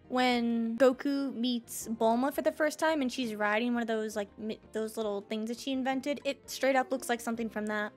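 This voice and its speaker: A woman giving excitable let's-play commentary, squealing over cute creatures and cracking silly jokes. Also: sits high. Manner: silly joking asides. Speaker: gaming streamer.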